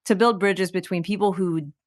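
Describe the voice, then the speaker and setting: With a medium-pitched, steady voice at normal speed, a Texan singer-songwriter reflects openly as an interview guest. She laughs easily and leans on the word "like" frequently.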